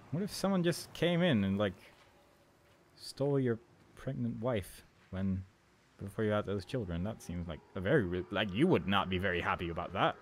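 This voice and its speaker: A man's voice: lowish voice, lively intonation, normal speed. A man casually commenting on a horror game as he plays, rambling and amused, talking back at the characters. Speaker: let's play commentator.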